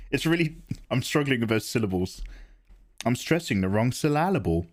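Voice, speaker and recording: A man's voice: mid-range voice, animated, fairly quick. A man casually chatting on an art livestream, reading out viewer comments and answering them as he draws. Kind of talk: casual livestream chat while drawing.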